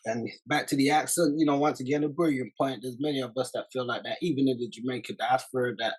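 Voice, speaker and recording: A man hosting a commentary video, speaking in a measured, reflective way with many fillers. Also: mid-range voice, steady tone, husky, rough recording. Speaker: channel host.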